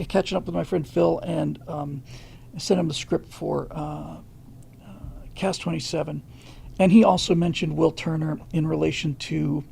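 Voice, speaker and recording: A man's voice: on the high side, vocal fry, darkish tone, husky. A middle-aged man hosting a livestream, chatting casually and reading viewer questions, with many fillers and restarts. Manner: halting, many fillers and restarts, reads viewer comments aloud.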